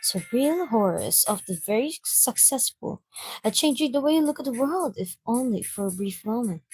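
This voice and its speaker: A man voicing a shy, bookish teenage girl in a visual novel game, speaking quietly and softly in a measured way. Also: extremely high pitch, animated, slight background noise, poor audio. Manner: quiet, soft-spoken, measured. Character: shy bookish teen girl, soft and reserved.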